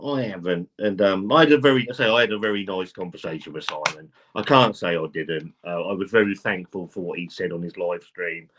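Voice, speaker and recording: A man's voice: deep voice, a little fast, hardly any pauses, noisy background. A man hosting a live stream, reading out viewer comments and chatting casually, swearing now and then. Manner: chatty, swears casually, reads chat aloud. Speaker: livestream host.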